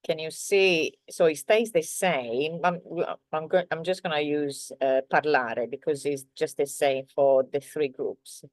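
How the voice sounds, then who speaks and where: A woman teaching a language lesson, walking through slides patiently with many pauses and fillers. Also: sits low, steady tone, darkish tone, no room sound. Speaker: Italian teacher. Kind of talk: grammar lesson explaining slides.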